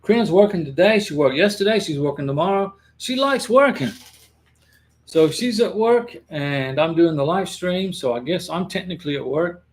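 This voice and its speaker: A man's voice: sits high, animated, normal speed. A middle-aged man hosting a casual livestream from home, reading viewer comments and rambling with frequent restarts and repeated words. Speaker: livestream host giving immigration advice.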